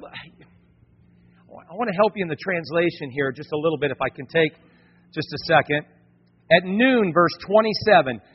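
A man preaching a lively sermon as pastor, dropping into casual slang and talking straight to the congregation. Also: high-pitched, husky. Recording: reverberant, dull lo-fi sound.

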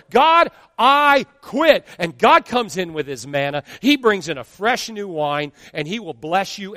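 A man in his fifties, a pastor preaching an animated sermon and acting out quotes from his congregation. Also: high voice, dry recording, studio quality, big-room sound. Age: 50s.

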